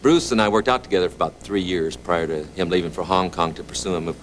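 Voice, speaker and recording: A middle-aged man in his fifties spins a long story as a talk show guest, chuckling as he goes. His voice sits low and his words come quickly. A faint hiss of a TV studio hangs behind him. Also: rough recording. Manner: relaxed, chuckling raconteur. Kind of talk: anecdotal storytelling. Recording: TV studio with audience noise.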